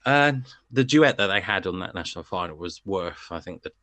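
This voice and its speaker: A man's voice: sits low, animated, a little fast, sharp tone, dry recording. A man chatting casually as a song review panelist, rambling and digressing with lots of fillers.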